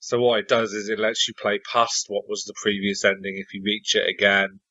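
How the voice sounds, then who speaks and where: A man chatting casually as a podcast panelist in a relaxed, wry, measured way. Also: lowish voice, no room sound. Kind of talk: casual chat. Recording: slightly muffled lo-fi audio.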